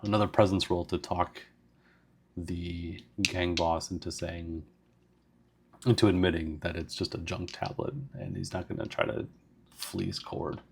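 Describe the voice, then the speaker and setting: A man's voice: deep voice, little pitch movement, a little slow, creaky, a little hiss or hum. A man casually narrating a solo tabletop game, rambling with lots of fillers. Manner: casual, meandering, full of fillers.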